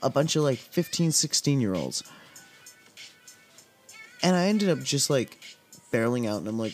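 A man's voice: medium pitch, sing-song, moderate pace, long pauses, soft background music. A young man from Southern California's desert valley, casually telling a podcast story in a laid-back, profane, filler-heavy way. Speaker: podcast host.

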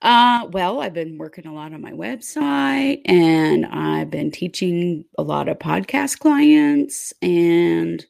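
Creaky-voiced upbeat woman co-host. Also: on the low side, sing-song, slow pace, few pauses, darkish tone. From United States. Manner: upbeat, rambling, repeats words. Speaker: podcast co-host. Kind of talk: casual live-stream chat.

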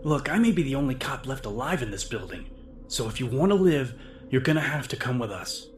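A man's voice: on the low side, a little fast, a bit bright, natural voice. A man voicing a determined young male police officer who speaks firmly and urgently. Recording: music bed under the reading.

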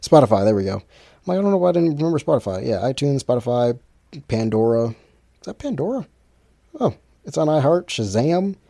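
Fast and gravelly yet warm, this medium-pitched male voice carries lively intonation. He's an independent musician hosting his own podcast, rambling through a casual solo monologue full of restarts and fillers.

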